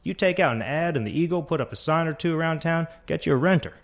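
A man's voice: a little high, animated, quick pace, pitched above the performer's own voice. A man reading a story aloud, voicing a pushy middle-aged male bus driver who talks over his friend. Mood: insistent.

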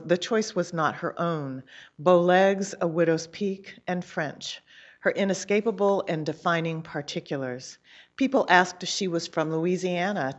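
A woman author with a very low voice chats in a playful way and then reads from her own novel. The recording is muffled and lo-fi. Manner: chatty, self-amused asides before reading.

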